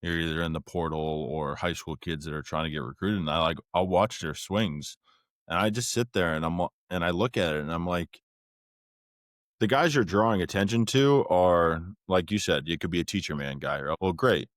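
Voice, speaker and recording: A man hosting a podcast interview, speaking in a measured, conversational way as he shares his own view. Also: low-pitched, dry recording, studio quality. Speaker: podcast host.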